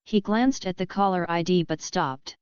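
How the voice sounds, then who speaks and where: A woman narrating an audiobook in a steady, even reading voice, in a dull lo-fi recording. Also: lowish voice, normal speed, clear, resonant tone, dry recording. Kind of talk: scripted narration.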